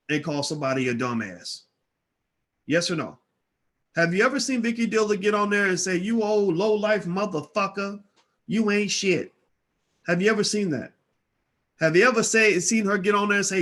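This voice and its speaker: A man with a slightly high voice speaks straight to his online audience in casual commentary. He presses hard, demanding yes-or-no answers again and again. He often stumbles and restarts his words as he goes. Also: a bit bright. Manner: stammering restarts.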